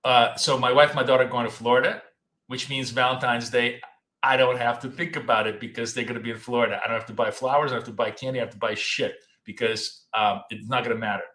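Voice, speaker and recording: A man's voice: medium pitch, fairly even intonation, fast talker, sharp tone, roomy sound. A man co-hosting a live trading stream in a casual, joking way, blunt and swearing freely. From Russia. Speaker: trading show co-host.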